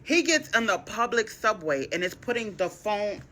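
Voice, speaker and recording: A woman telling a dating story on a talk show, slangy and expressive, acting out both sides of each conversation. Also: mid-range voice, normal speed. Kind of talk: animated story time.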